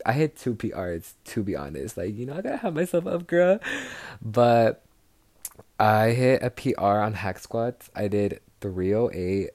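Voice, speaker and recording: A man's voice: fairly low pitch, a little mellow, dry recording. A young adult man hosting his own podcast in a casual, chatty way, gushing and filling his talk with "like" and "girl". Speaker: podcast host.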